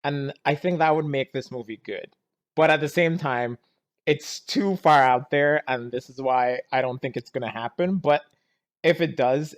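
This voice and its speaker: A man gives a casual running reaction to a film, rambling and exasperated. His voice sits at an ordinary middle pitch. He keeps breaking off to groan before getting back on track. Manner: keeps restarting and saying "anyways, let's keep going". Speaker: movie reaction vlogger. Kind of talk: casual movie reaction commentary.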